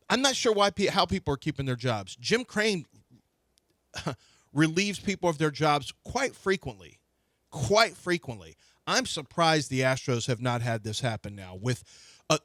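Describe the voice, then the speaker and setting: Guy on sports radio ranting, kinda high voice, dry close mic. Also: a bit bright, dry recording. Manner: indignant, ranting, many restarts. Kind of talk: heated sports talk radio.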